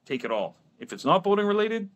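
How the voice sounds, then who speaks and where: A man's voice: high-pitched, big pitch swings, fairly quick. A man co-hosting a business podcast, talking casually and telling stories with many restarts and laughs. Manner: storytelling with lots of restarts and laughs. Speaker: podcast co-host. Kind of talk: casual chat.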